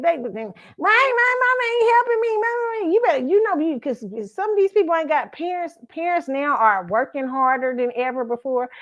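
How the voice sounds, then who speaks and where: Woman host w/ AAVE, fairly high voice, blunt and loud, laughs a lot, kinda dull lo-fi audio. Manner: blunt, animated, swears, laughs often. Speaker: show host. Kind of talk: casual commentary monologue.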